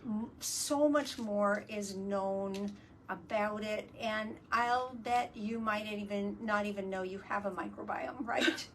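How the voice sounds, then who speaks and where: A woman's voice: medium pitch, slow, a bit bright. A woman hosting a casual live video chat from a work studio. She explains things eagerly and uses many fillers. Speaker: host. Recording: distant mic, faint ambient noise.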